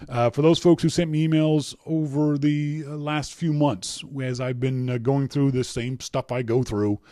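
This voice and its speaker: A middle-aged male podcast host chats through listener emails, teasing, laughing frequently and often starting over. His mid-range voice is warm and steady at a moderate pace, in an echo-free studio-quality recording.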